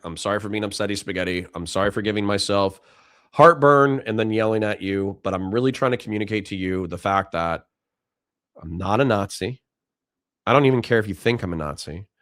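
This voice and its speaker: A man hosting a livestream, reading viewer messages and ranting with heavy swearing, flipping between loud outbursts and muttered apologies. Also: fairly low pitch, dry recording, clean studio sound. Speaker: livestream host reading super chats. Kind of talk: heated livestream commentary.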